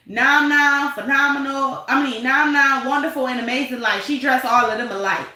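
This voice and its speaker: A woman's voice: a little high, sharp tone, roomy sound, poor audio. A woman hosting a live stream, reading chat and gossiping in a sassy, laughing way. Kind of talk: casual live chat commentary.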